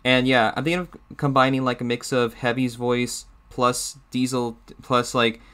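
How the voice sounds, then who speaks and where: A man talks casually to his viewers, rambling and hesitating with lots of fillers. His voice is smooth and clear at a middle pitch. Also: little pitch movement, moderate pace, fairly bright tone. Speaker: YouTuber. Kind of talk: casual chat.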